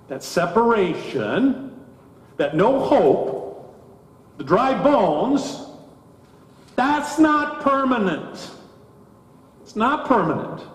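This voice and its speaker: A man delivers a sermon at a slow, deliberate pace, leaning into emphatic rises on key phrases. His voice sits a little high for a man. It rings out with the long reverb of a church sanctuary. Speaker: pastor. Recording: echoey church hall.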